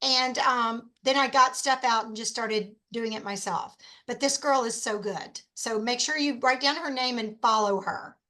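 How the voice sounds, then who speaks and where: A woman hosting a casual how-to presentation, chatty and enthusiastic with rambling asides, a little hoarse from talking. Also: on the high side, measured pace, few pauses, pushed and bright. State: losing her voice. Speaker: host.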